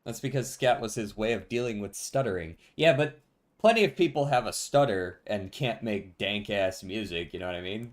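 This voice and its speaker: A man casually commenting on his gameplay to a live chat, relaxed and laughing often. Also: lowish voice, moderate pace. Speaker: streamer.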